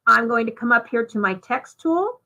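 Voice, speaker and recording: A woman giving a live software demonstration, talking through each step in a chatty way with fillers. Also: fairly high pitch, lively intonation, normal speed, highs cut off. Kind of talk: live software demo walkthrough.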